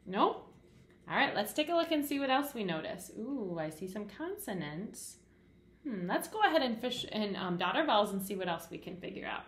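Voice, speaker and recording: A woman's voice: a little high, sing-song, unhurried. Sing-song woman teaching kindergarten phonics. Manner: sing-song teacher voice, asks and answers questions. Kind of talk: phonics lesson for young children. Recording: roomy echo.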